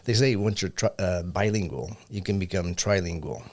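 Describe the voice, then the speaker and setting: A man's voice: low-pitched, normal speed, darkish tone. A man who grew up in Japan, a business owner talking as a podcast guest in an easygoing, reflective way. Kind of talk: casual interview chat.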